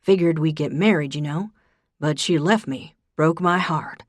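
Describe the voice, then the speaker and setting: Woman narrator voicing a drawling young charmer, teasing, low and dry. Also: a little slow, no echo. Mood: earnest.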